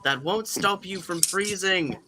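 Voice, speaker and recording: A man voicing an old, wise train engine giving slow advice. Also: sits high, bright, forceful tone, slight background noise, pitched above the performer's own voice. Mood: advising. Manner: slow, advising.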